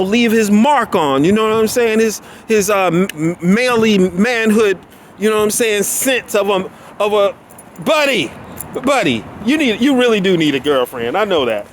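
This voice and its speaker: A man's voice: high-pitched, animated, normal speed. A man vlogging while walking his dog down a neighborhood street, rambling and often losing his train of thought. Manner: laughs often. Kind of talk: casual rambling chat. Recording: noisy street with traffic.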